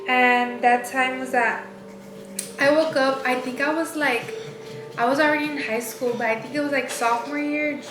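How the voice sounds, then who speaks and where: Young female co-host, high voice, halting casual storyteller, echoey noisy room. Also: fairly even intonation, over music. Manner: halting, many fillers and restarts. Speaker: vlog co-host. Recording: echoey room with clear background noise.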